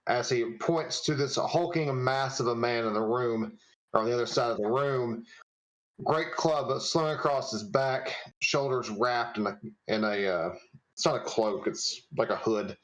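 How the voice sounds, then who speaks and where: A man's voice: mid-range voice, measured pace, rough recording. A man narrating a tabletop game as game master, casual and rambling, searching for words.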